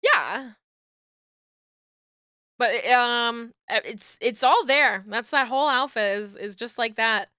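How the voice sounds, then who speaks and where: Young woman streamer rambling while she works, slow easy talk, bright clear voice. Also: on the high side, animated, dry recording, studio quality. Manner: rambling, chatty, laughs often. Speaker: streamer and VTuber rigging artist. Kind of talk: casual chat while working on stream.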